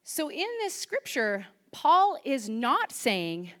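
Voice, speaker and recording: A woman giving a sermon in church, chatty and lively, asking the congregation questions. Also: sits high, slow. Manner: lively, conversational, asks the audience questions. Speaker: preacher.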